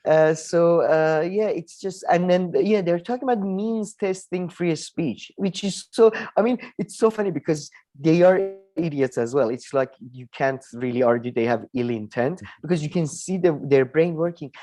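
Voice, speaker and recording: A man's voice: a little high, normal speed, few pauses, dark tone. Rambling, heated male co-host. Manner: heated, rambling with many fillers and swearing. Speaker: podcast co-host. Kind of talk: casual political debate chat.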